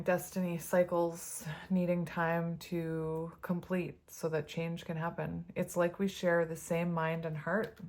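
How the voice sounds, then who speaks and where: A woman reading tarot cards to her viewers in a casual, chatty way, often laughing as she reads the card messages aloud. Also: on the low side. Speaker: tarot reader.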